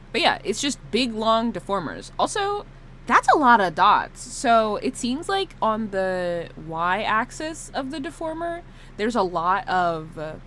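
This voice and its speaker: A woman streamer chatting casually on a live stream. Her bright, fairly high voice swings widely in pitch as she laughs and fakes sobs. Faint ambience sits behind her. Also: a little hiss or hum. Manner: animated, laughing, mock-sobbing, swearing.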